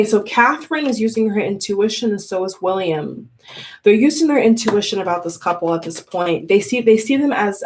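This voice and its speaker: A woman's voice: mid-range voice, a little hiss or hum. A woman reading tarot cards in a chatty, casual monologue, often repeating words and restarting her sentences. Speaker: tarot reader.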